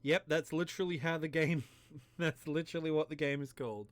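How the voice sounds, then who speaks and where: A man's voice: fairly high pitch, fairly even intonation, a little fast, dry recording, soft background music. A tipsy man streaming a game, rambling, self-mocking and crude as he talks to his chat. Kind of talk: drunken game commentary.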